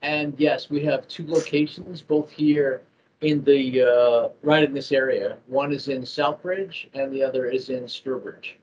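A man's voice: mid-range voice, steady tone, unhurried, darkish tone. A man from Massachusetts, a project manager, talking through a casual business interview with many fillers and restarts. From Massachusetts, near Boston. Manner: rambling, with frequent fillers and restarts. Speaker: ERP project manager at a manufacturer. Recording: dull lo-fi audio with faint noise.

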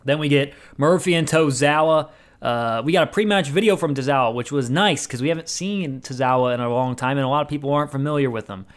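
A man's voice: medium pitch, fast talker. A man hosting his own wrestling review show, recapping matches in a rambling, casual way with many fillers and restarts.

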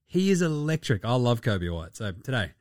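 A man's voice: medium pitch, big pitch swings, brisk, a little mellow, no room sound, studio quality. An Australian man hosting a casual sports podcast, talking in a rowdy, profane and mocking way. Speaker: podcast host.

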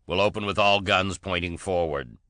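A brusque ship commander, as a man plays him barks curt orders. The voice is very deep with a bright, forceful edge. The sound is dry. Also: moderate pace, no echo. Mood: commanding.

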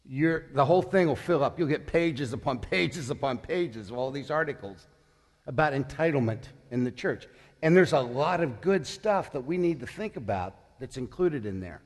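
A man's voice: medium pitch, lively intonation, moderate pace, big-room sound. A man in his sixties preaching a sermon as pastor, conversational, putting questions to the congregation. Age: 60s.

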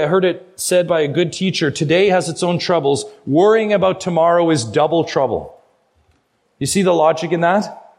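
Earnest pastor preaching. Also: male voice, fairly high pitch. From Canada. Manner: earnest and urging, slows down hard on key phrases. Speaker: guest pastor. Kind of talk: sermon.

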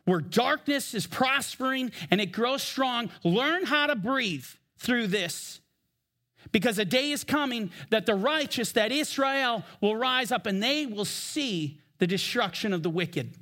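A man preaching from the pulpit with a strikingly high voice. He speaks with emphasis and slows down for the scripture he reads aloud. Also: expressive, sharp tone. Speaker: pastor. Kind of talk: sermon. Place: church.

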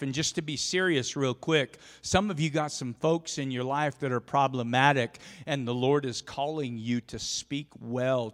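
A man preaching a sermon as a pastor, telling a story with lively swings from quiet asides to shouting. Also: a little high. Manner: animated, shouts in storytelling peaks. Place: church sanctuary. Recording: long church reverb.

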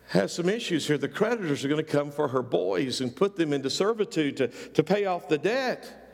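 Middle-aged guy preaching a sermon, bit high and gravelly, long echo in the hall. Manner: preaching with rising fervor, repeated phrases. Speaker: pastor.

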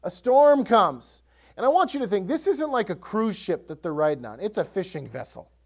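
Male pastor, lively sermon storyteller, acts out voices, swinging pitch. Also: fast, creaky.

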